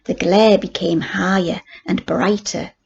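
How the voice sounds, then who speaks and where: An older woman, a grandmother, reading a children's book aloud in steady, plain narration. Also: fairly low pitch, measured pace, creaky, breathy edge, dull audio. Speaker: grandmother storyteller.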